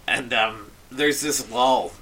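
A man telling a story in casual chat, animated and profane, acting out what others said. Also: medium pitch, slow pace, breathy edge. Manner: animated, profane, acts out quotes. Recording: faint hiss.

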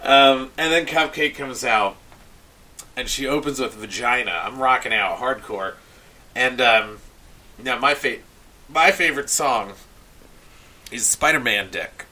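A man telling a story in casual chat, animated and profane, acting out what others said. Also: medium pitch, unhurried, long pauses. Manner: animated, profane, acts out quotes. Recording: faint hiss.

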